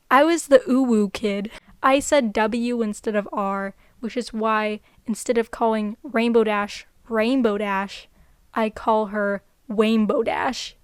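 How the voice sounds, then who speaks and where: A woman's voice: on the high side, clean tone, dry recording, studio quality. A young woman vlogger giving unscripted casual commentary, chatty and rambling, laughing often.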